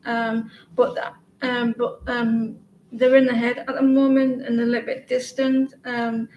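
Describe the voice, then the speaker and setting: An English woman reads tarot cards live, her voice sitting a little high. She halts and restarts often, filling gaps with ums. The room around her rings with echo and faint ambient hum. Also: flat delivery, dull audio. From England. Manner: halting, many fillers and restarts. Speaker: tarot reader. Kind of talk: live-stream tarot reading.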